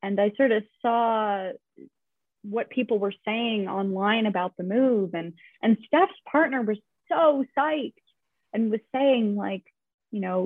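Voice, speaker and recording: A woman who writes about basketball joins a podcast as a guest, speaking slowly at a mid-range pitch. Her chatty talk is full of fillers and restarts, heard over a tinny, phone-like remote line that's completely dry.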